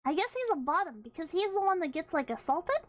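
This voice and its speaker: A woman's voice: extremely high pitch, sing-song, fast talker, dry recording, poor audio. A young woman streamer chatting casually and playfully, rambling with restarts and freely swearing. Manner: playful, laughs often. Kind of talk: casual livestream chat.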